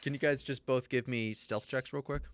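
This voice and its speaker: A man running a tabletop game, asking quick, businesslike questions. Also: medium pitch, fairly even intonation. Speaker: game master.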